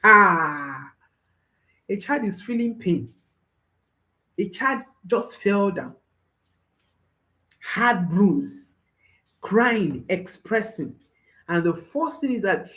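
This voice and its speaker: Slow, lively-voiced woman parenting coach. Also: mid-range voice. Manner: emphatic, repeats phrases, checks in with "hmm?". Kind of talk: advice talk to viewers.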